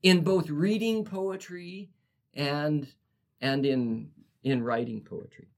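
Slow, halting male podcast co-host. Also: fairly high pitch, steady tone. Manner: halting, repeats words, slow and deliberate. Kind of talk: casual chat and poetry reading.

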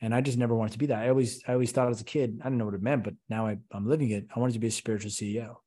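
A man speaking as a guest in a podcast interview, talking passionately and asking rhetorical questions, with mid-range pitch. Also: fairly even intonation, racing, dark tone. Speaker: podcast guest, company CEO. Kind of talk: conversational interview.

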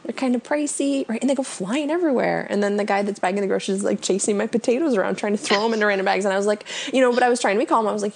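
A woman's voice: medium pitch, racing, gravelly, few pauses. A woman co-hosting a podcast in casual chat, telling stories and laughing often. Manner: chatty storyteller, laughs often. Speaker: podcast co-host.

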